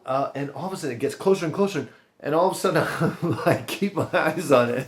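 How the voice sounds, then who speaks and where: Male podcast host, casual rambling storyteller, animated, in a home kitchen. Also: mid-range voice. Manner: rambling and animated, with restarts and laughter.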